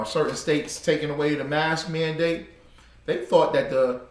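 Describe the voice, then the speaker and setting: A man's voice: on the high side, bright, forceful tone. A man teaching an informal class, telling stories in an emphatic, repetitive way with casual slang. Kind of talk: informal class talk with storytelling. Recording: echoey room.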